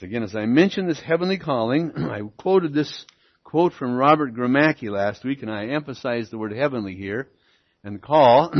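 A man preaching a sermon as pastor, teaching verse by verse, often checking in with "okay?" and "see?" and slowing down to stress key words. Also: a little high. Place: church. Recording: lo-fi church recording.

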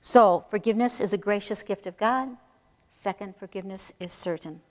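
A woman preaching a sermon in an earnest, emphatic way, slowing down to stress key phrases. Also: mid-range voice, big-room sound.

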